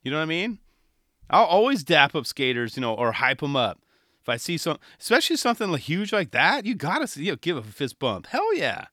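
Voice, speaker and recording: Male podcast host, thirties, bright, animated, dry close sound. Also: a little high, fairly quick, no echo. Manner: enthusiastic, rambling, animated with quoted voices. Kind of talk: casual solo podcast talk.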